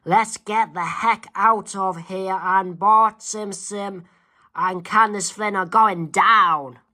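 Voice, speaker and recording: Brief: man voicing spiteful teen babysitter, slow and emphatic. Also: high voice, steady tone, bright, forceful tone, exaggerated voice. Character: mean, spiteful teenage babysitter.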